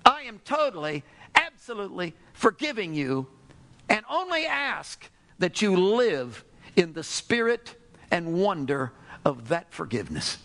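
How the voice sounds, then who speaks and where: A man preaching a sermon in a high, lively voice that swings widely as he tells a parable. His tone carries a gravelly roughness, and he slips into acting out the characters in the story. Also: unhurried. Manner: animated storytelling, acts out characters. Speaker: pastor.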